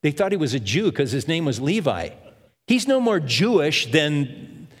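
A man's voice: fairly high pitch, big pitch swings, normal speed, husky. An older man preaching, teaching a Bible passage verse by verse and reading scripture aloud. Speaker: pastor. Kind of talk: sermon. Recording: long reverb of a hall.

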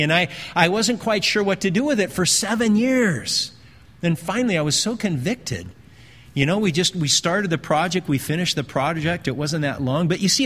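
A male pastor preaching a sermon in a conversational way, slowing down and repeating phrases for emphasis. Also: high-pitched, fairly bright tone. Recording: long hall reverb.

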